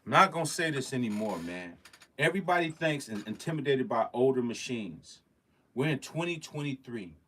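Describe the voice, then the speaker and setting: A man talking casually on a livestream, loose and full of slang. He hammers his points by saying them twice and keeps checking in with the people watching. His pitch sits in an ordinary middle range. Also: animated, normal speed, fairly bright tone. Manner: slangy, emphatic, repeats phrases, addresses the chat directly. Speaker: livestream host.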